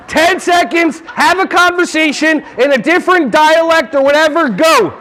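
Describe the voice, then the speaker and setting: A man from New Jersey giving a playful, animated keynote on early childhood classroom management to a conference crowd. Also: extremely high pitch, normal speed. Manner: playful and animated, breaking into silly voices and songs. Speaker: early childhood education trainer. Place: large conference hall.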